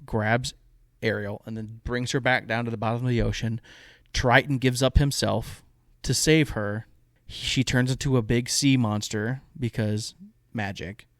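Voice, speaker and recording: A man's voice: medium pitch, no echo, clean studio sound. A man co-hosting a podcast, casually and animatedly retelling a plot with quoted asides. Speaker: podcast co-host. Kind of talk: casual chat.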